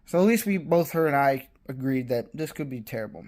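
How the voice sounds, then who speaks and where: A man's voice: medium pitch, fast, few pauses, darkish tone. A man giving a casual, blunt and dismissive movie review, rambling with fillers.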